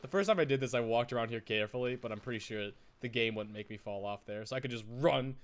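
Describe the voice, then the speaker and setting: A man giving casual, excitable let's-play commentary, rambling with frequent stammered restarts. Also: mid-range voice, fast. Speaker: gaming YouTuber.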